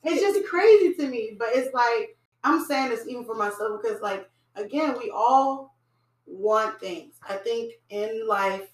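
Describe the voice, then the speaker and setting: A woman speaking reflectively in a casual conversation about faith, growing animated as she makes her points. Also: fairly high pitch, measured pace. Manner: reflective, turns animated when making a point. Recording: echoey room, voice from a distance.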